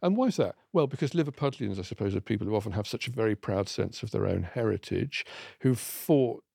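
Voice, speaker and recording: A man speaking as a guest in a studio radio discussion, explaining with lively enthusiasm and emphatic stress. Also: lowish voice, brisk, gravelly, husky, dry recording. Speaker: guest expert on accents.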